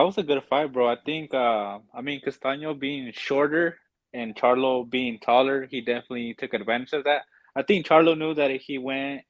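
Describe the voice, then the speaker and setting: A man calmly giving his thoughtful analysis in a casual chat. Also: medium pitch, no echo, muffled recording.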